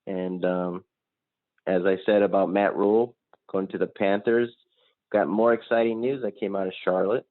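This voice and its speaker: A man's voice: on the low side, dry recording. Opinionated man on a tinny line. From North Carolina, USA. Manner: opinionated, rambling, rising emphatically when worked up. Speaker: sports podcast host. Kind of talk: solo sports talk monologue. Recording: tinny phone-like line, dry.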